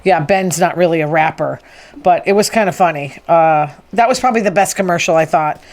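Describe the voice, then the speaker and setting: A woman's voice: lowish voice, a little fast. A woman, hosting a rambling, opinionated casual monologue. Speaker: podcast host.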